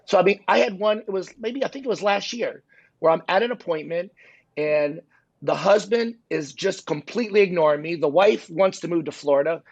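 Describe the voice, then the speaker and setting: A man with a husky, gravelly voice pitched a little high tells sales stories in a relaxed, chatty way, leaning on "you know" as he goes. The dull, lo-fi podcast recording sounds close and dry. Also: brisk, dry recording. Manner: peppers speech with "you know". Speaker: real estate sales guest. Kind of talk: conversational storytelling.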